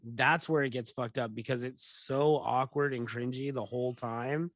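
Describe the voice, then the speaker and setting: A young man co-hosting a podcast, telling a story in casual chat, animated, full of "like" and swearing freely. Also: mid-range voice, moderate pace, no room sound. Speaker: podcast co-host.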